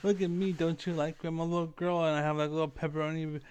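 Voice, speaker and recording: A man putting on the voice of a coy young woman in a mocking, sing-song falsetto. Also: flat delivery, fast talker, darkish tone, clean tone, close to an everyday voice. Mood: coy taunting.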